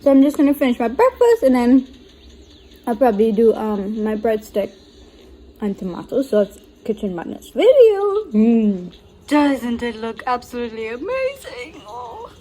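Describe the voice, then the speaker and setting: A woman's voice: fairly high pitch, big pitch swings, measured pace, dark tone, poor audio. A woman, a dietitian chatting casually in a vlog from her home kitchen, bubbly and giggly. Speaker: dietitian vlogger.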